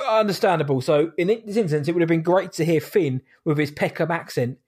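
A man talks through his views on a podcast, measured and thoughtful in a casual chat. His voice sits a little higher than most men's. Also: darkish tone, breathy edge. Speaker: podcast co-host.

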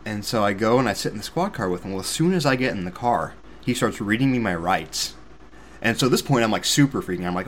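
A young man with a fairly low voice tells a story on a podcast. His delivery is casual and animated, self-deprecating, and sprinkled with sarcastic asides. There is a faint hum of noise behind him. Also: brisk. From Missouri, USA. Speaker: podcast host.

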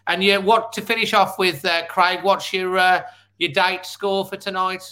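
A man co-hosting a casual football fan chat with a high, bright, forward voice. He lays out his reasoning calmly, one point after another, and picks up his partner's points. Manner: measured, explains points step by step. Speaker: football podcast co-host.

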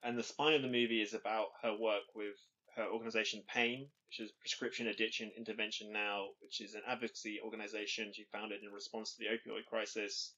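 Man, casual podcast co-host, bright tense voice, rambling, dull lo-fi sound. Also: lowish voice, little pitch movement, fairly quick. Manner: rambling, filler-heavy, laughs often. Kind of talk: casual chat.

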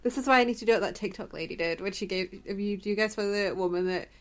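An easygoing woman in a relaxed podcast chat with friends. She talks in an ordinary mid-range voice and goes along agreeably with the others. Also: medium pitch, racing. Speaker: podcast co-host. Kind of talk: casual chat.

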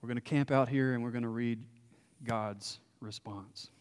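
A man preaching a sermon as a pastor, impassioned and rising to loud emphasis. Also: mid-range voice, fairly even intonation, normal speed, smooth, in a large hall.

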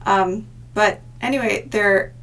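A young adult woman co-hosting a podcast in casual chat, animated and laughing often, jumping into high exclamations. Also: slow. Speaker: podcast co-host.

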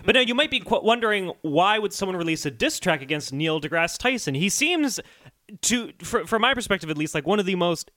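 A man's voice: high voice, a little fast. A man hosting a comedy music podcast, joking and laughing as he chats casually. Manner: joking, animated, laughs often. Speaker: podcast host.

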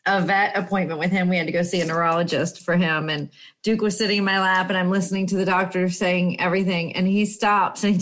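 A woman hosting a casual interview, enthusiastic and quick with her questions, laughing easily. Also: medium pitch. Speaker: podcast host.

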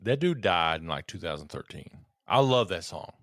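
A man's voice: low voice, big pitch swings, normal speed, fairly bright tone, no echo, studio quality. A man co-hosting a podcast in casual chat, tipsy from drinking, rambling, joking and swearing freely. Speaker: podcast co-host.

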